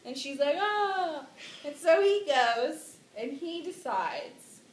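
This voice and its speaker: A woman's voice: sits high, big pitch swings, takes it slowly, roomy sound, a little hiss or hum. A woman telling a classic story in a rambling, giggly way, with sudden dramatic outbursts. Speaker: drunk storyteller. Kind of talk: tipsy comic retelling of a classic play.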